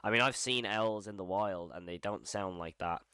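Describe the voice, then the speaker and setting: A man's voice: on the low side, normal speed, sharp tone, clear, resonant tone, no room sound, clean studio sound. A man hosting a casual live horror reaction stream, thinking aloud, rambling and repeating phrases as he goes. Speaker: horror channel host.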